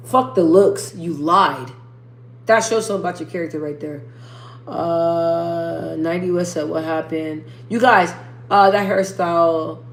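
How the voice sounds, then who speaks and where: A young woman hosts a casual livestream in an echoey room, reading viewer comments and rambling through slangy asides. She pitches her speaking voice above her naturally lower register.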